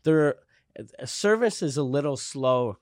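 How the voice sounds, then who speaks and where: A man's voice: fairly high pitch, animated, measured pace, a little mellow, no echo, clean studio sound. Chatty, profane podcast guest, a man. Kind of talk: casual podcast chat.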